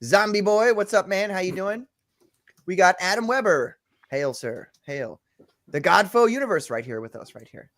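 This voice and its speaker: Higher-voiced man hosting a livestream. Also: expressive, moderate pace, fairly bright tone, dry recording. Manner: chatty, greets chat names one by one. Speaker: podcast host. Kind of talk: casual livestream chat.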